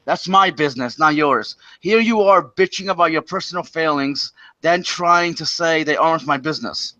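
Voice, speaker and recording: A man with a fairly high voice rants on a stream, stammering over his words and swearing as he airs his grievances. The sound is dry and a little dull, like a lo-fi mic. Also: normal speed, bright, forceful tone, no room sound. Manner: stammering, profane, indignant. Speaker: stream host. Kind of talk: casual ranting chat.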